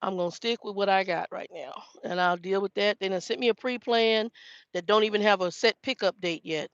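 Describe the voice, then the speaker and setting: Speaking briskly in a mid-range voice, a trucker vlogger in her 50s, who works as a truck driver trainer, spins chatty stories for her viewers and quotes her own words. The recording is dry and a little dull.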